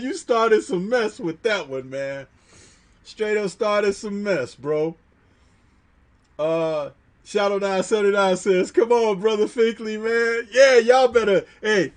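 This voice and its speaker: A man hosting a livestream, reading chat aloud and reminiscing in slangy casual talk, laughing often. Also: high-pitched.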